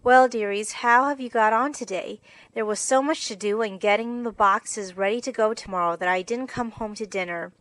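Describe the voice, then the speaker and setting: A woman's voice: mid-range voice, normal speed, a bit bright, no echo, natural voice, poor audio. A woman voicing a cheery, affectionate mother of four girls in a storybook reading.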